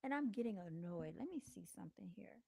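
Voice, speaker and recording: A woman talks casually to her livestream viewers, often calling them "y'all". Her voice is mellow and warm. The sound is dry and close, from a desk microphone at home. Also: medium pitch, animated, brisk, creaky, husky, dry recording. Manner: chatty, addresses viewers as y'all. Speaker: livestream host. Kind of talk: casual live-stream talk.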